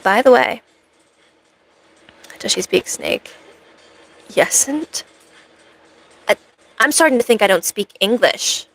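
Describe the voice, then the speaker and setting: Rambling, playful woman streamer with vocal fry. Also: medium pitch, measured pace, long pauses, rough recording. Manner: rambling, playful, self-mocking asides. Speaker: cosplay streamer. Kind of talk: casual live-stream chat with viewers.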